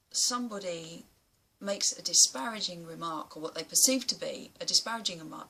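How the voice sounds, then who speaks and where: A woman speaks straight into a camera mic, blunt and emphatic, with a casual swear here and there. Her voice is bright and a little husky, and her pitch rises and falls a lot. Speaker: vlogger. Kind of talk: casual opinion vlog to camera.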